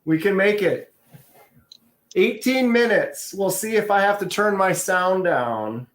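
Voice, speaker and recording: A man's voice: high voice, expressive, slow, a bit bright, echoey room, rough recording. A man chatting casually on a livestream from his garage into a phone, rambling and thinking aloud with easy chuckles. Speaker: livestream co-host. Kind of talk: casual chat. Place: garage, indoors.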